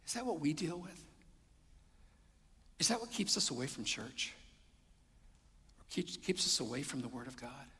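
A middle-aged man, a pastor preaching a sermon, swinging between loud emphasis and hushed near-whispers. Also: fairly high pitch, very animated, moderate pace, long pauses. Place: church sanctuary. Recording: long hall reverb.

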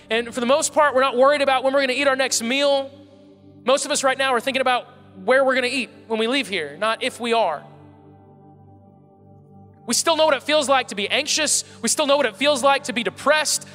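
A man's voice: very high-pitched, pushed and bright. A man preaching a sermon to his congregation as pastor, earnest and building emphasis through repeated phrases. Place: church sanctuary. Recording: long hall reverb.

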